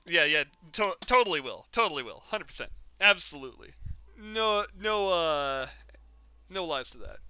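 A man's voice: on the high side, big pitch swings, moderate pace, sharp tone, clear, resonant tone, muffled recording. A man streaming a game and chatting casually with his chat in a rambling, jokey way, laughing often. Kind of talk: casual live-stream chat while gaming.

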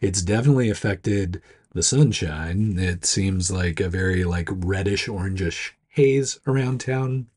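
Hoarse, gruff-voiced man. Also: measured pace, darkish tone. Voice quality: gruff, lowered voice. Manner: chatty, rambling, self-deprecating. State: hoarse from smoky air. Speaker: startup news host. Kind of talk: casual weekly video chat.

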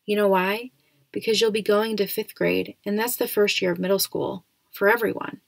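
A woman's voice: mid-range voice, fairly even intonation, moderate pace, creaky, no room sound. A woman voicing a patient, coaxing mother.

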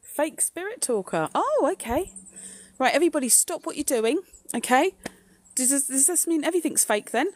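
Outdoors on a ghost walk, a woman livestreams from her phone as a paranormal streamer, chatting and joking with her viewers and laughing often. Her voice is high, with big pitch swings, and she talks at a normal speed.

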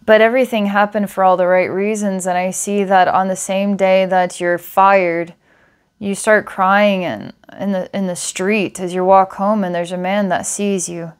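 A woman's voice: mid-range voice, level tone, normal speed, clean tone. A woman psychic giving a client a past-life reading, meandering with filler words and small laughs. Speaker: psychic reader.

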